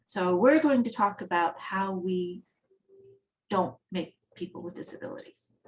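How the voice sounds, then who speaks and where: A woman's voice: medium pitch, animated, a little slow. A woman giving an accessibility talk at a design meetup, speaking in a conversational, storytelling manner. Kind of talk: conference talk.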